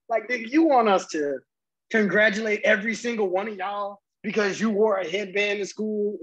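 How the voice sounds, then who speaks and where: Husky-voiced man ranting. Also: sits high, normal speed, a bit bright, highs cut off. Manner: heated, profane ranting. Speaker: podcast co-host. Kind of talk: casual chat.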